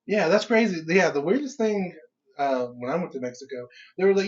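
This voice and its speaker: A man's voice: sits high, expressive, a little fast, far from the mic. A young man hosting a podcast in casual chat, laid-back, laughing often and swearing casually. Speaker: podcast host. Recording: dull lo-fi podcast audio.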